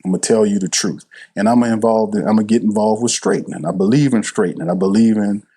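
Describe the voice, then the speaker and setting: A man's voice: fairly low pitch, fairly even intonation, fast, dark tone, slight background noise. A man, hosting a live sports stream, blunt and passionate, swearing freely and repeating himself for emphasis. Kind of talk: heated live sports commentary.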